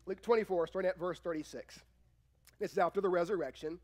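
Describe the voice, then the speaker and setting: A man pastor preaching a sermon in a church, animated and acting out quoted voices. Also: sits high, fast talker. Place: church sanctuary.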